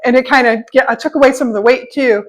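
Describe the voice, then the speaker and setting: A woman's voice: sits high, quick pace, low-quality recording. A middle-aged woman telling stories in a casual vlog, chatty, laughing often and acting out the voices of people she quotes. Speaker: vlogger.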